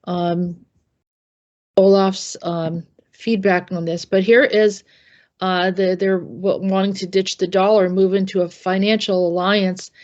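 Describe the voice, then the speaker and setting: A woman's voice: mid-range voice, flat delivery, a little slow, a little mellow. Woman host, dull lo-fi sound. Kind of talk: casual discussion.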